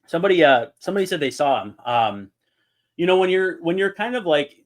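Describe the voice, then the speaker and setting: A man's voice: on the high side, a little fast. A man, co-hosting a casual chat and telling stories that act out quotes. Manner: animated storyteller, acts out quotes. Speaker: podcast co-host.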